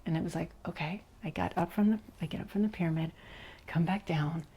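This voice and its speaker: A woman guest recounting a personal experience in an interview, animated and giggly, acting out quotes and dropping to a whisper at tense moments. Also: on the low side, fast talker, slightly rough. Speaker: leadership coach, guest. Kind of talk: personal storytelling in a podcast interview.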